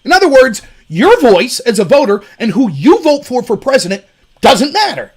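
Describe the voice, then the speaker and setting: A man hosting a political commentary show, talking in an animated and sarcastic way. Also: very high-pitched, normal speed, husky. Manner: animated, sarcastic, mimics opponents mockingly. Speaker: host.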